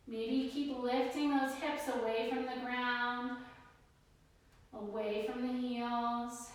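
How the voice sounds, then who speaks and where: Breathless high-voiced woman leading yoga. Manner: energetic breath-paced cueing with cheers. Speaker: yoga instructor. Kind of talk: live yoga class cues. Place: yoga studio. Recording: roomy distant studio echo.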